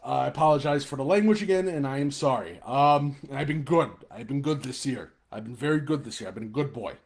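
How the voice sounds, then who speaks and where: A man's voice: medium pitch, fast talker. A man with a Chicago-area American accent hosting a live football webcast, blunt and fired-up, swearing and then apologizing. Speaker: high school football show host. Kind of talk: live webcast rant and game preview.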